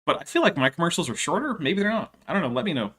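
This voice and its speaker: Bright, sardonic male commentator. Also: fairly high pitch, very animated, slightly rough. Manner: dry, mocking asides with deliberate pauses. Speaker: reaction video host. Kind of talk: sarcastic reaction commentary.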